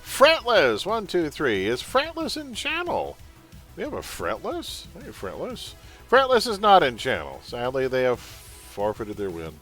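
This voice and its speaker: Lively, jokey male game streamer. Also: mid-range voice, a little slow, faint music behind. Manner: jokey, chatty, laughs often. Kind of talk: casual live-stream chat.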